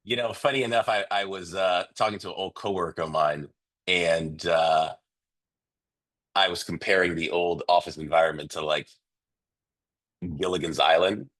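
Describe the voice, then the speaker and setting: A man with a very low, nasal voice opens an online coaching session. He talks in a loose, chatty way, full of fillers and restarts. The sound comes through a video call. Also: steady tone, normal speed, long pauses, a bit bright. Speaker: real estate coach hosting a webinar.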